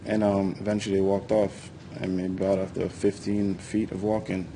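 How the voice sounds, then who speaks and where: A man's voice: deep voice, little pitch movement, normal speed, dark tone, slight background noise, rough recording. A man testifying as a witness in court, answering questions in casual street speech with some hesitation. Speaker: trial witness.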